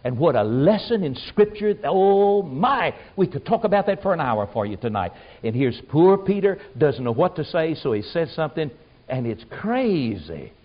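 A man's voice: sing-song, moderate pace. Folksy preacher man, lo-fi recording. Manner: folksy, emphatic, swings from loud exclamations to low asides. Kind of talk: sermon. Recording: muffled lo-fi sermon recording.

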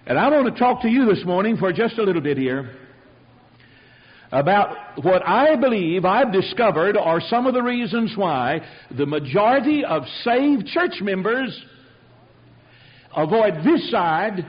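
A high-voiced male preacher delivers a sermon, telling a story with emphatic, pressing delivery. The recording sounds dull and lo-fi. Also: lively intonation, a little slow.

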